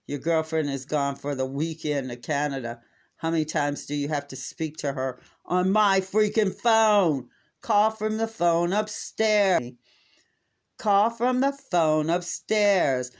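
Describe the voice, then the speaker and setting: A middle-aged American man casually telling a family story to camera, exasperated and animated, acting out what people said. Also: mid-range voice. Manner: exasperated, animated retelling with acted-out quotes.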